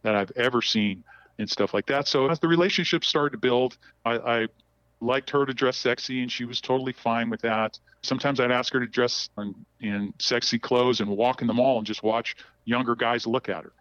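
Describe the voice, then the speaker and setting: A man giving a candid, halting account of personal events as a podcast guest, often repeating words as he goes. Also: medium pitch, fairly bright tone, dry recording, muffled recording. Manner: halting, repeats words while telling a story.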